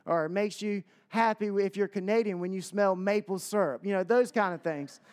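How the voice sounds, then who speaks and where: A man's voice: high-pitched, moderate pace. A man with a Southern American accent preaching a sermon to a congregation, talking in a loose, conversational way with joking asides and lots of fillers.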